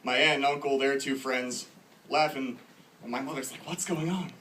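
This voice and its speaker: A man's voice: mid-range voice, flat delivery, normal speed, sharp tone, a little hiss or hum, poor audio. A man in his twenties telling casual, self-deprecating stories at a stand-up open mic in a small bar. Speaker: first-time stand-up comedian. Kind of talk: stand-up comedy.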